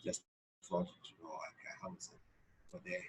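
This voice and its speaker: A man's voice: high voice, sing-song, unhurried, husky. A man from India, a sales trainee practicing a sales call, talking in a hesitant, rambling way full of fillers.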